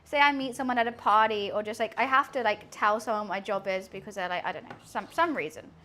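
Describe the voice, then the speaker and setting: A woman's voice: mid-range voice, fast, bright, forceful tone, slight background noise. A young woman live streaming while she cooks in her kitchen, chatting to her viewers in a self-mocking way and laughing often. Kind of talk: casual chat to a live stream audience while cooking. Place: home kitchen.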